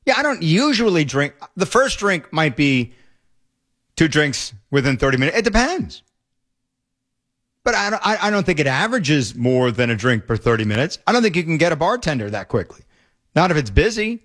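A middle-aged man hosting an opinionated talk show, animated and exasperated, often stumbling and repeating words. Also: on the high side, normal speed. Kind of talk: opinionated talk radio commentary.

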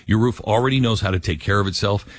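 A man with a lowish voice talks at a quick pace while hosting a talk radio show. He gives emphatic commentary and reads ads live, staying animated and slipping into quoted voices.

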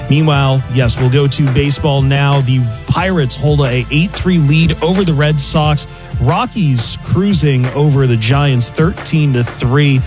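Male sports news anchor, brisk score-reader with casual asides, music bed clearly under him. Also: medium pitch. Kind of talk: reading a sports news update.

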